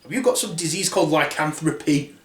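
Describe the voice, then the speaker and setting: A man voicing a blunt, cheeky young girl in a comic fairy tale, deadpan. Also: on the high side, fairly quick, lightly acted. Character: blunt cheeky girl, Red Riding Hood. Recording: roomy echo.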